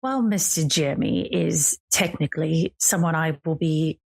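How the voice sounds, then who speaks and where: A woman voicing a formal, businesslike man who speaks in measured sentences. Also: low voice, vocal fry.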